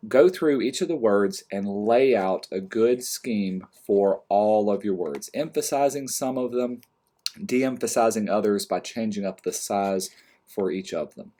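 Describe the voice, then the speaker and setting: Male design instructor, lowish voice, calm step-by-step tutorial narration, clicks in background. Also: unhurried. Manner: calm step-by-step explaining, trailing off quietly. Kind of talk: screen-recorded software tutorial.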